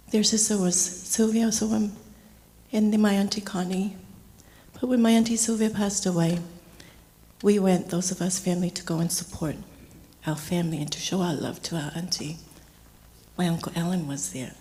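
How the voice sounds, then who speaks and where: A middle-aged woman speaking gently and slowly as she shares a heartfelt memorial tribute for her uncle. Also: lowish voice. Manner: gentle, slow and heartfelt storytelling. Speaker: niece giving a eulogy. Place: memorial service hall. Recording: long hall reverb.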